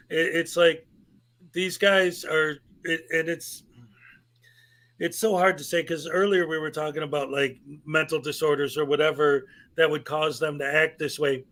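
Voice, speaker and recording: High-voiced man chatting as host. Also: normal speed. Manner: animated, repeats words when starting a thought. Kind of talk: casual chat.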